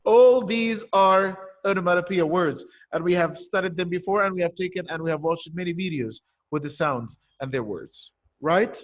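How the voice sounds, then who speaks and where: A man's voice: sits high, moderate pace, highs cut off. A male teacher giving an online poetry lesson, explaining step by step and asking and answering his own questions. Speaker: primary school teacher.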